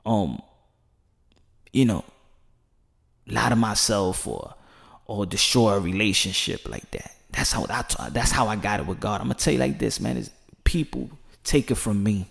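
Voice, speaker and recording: A man giving passionate, preachy commentary in a vlog, swinging from hushed to loud and emphatic. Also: fairly low pitch, sing-song, normal speed, vocal fry, pauses often. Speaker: commentary vlogger.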